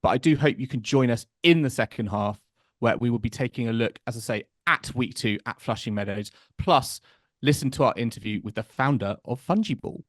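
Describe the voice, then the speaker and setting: A man's voice: medium pitch, a little fast, no room sound, clean studio sound. A man co-hosting a sports podcast, chatting casually and leading into segments in an easygoing, self-deprecating way with fillers. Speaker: podcast co-host. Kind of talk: casual podcast chat and show links.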